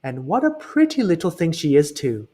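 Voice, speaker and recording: Man playing a nervous thief sidekick, quivery, high, jumpy, husky. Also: huge pitch swings, normal speed, mellow, exaggerated voice. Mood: gruff.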